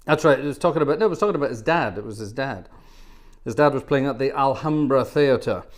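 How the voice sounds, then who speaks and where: A man's voice: mid-range voice, lively intonation, fast talker. A man from Scotland, hosting an organ livestream, chatting casually and telling anecdotes while reading viewer comments.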